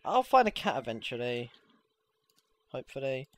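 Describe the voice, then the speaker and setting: A gamer giving casual, excitable gameplay commentary, swearing freely and squealing when things go well. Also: medium pitch, normal speed. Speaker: let's play gamer.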